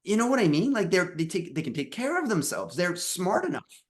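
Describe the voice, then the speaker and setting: A man in his thirties sharing a personal story as a dad coach, emotional and halting, often restarting his words. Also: high voice, sing-song. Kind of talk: personal storytelling in a podcast chat.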